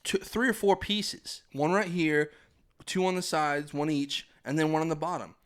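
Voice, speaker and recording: A man's voice: a little high, steady tone, normal speed. A young man, a podcast host, telling a story in casual chat, laughing and acting out his family's voices.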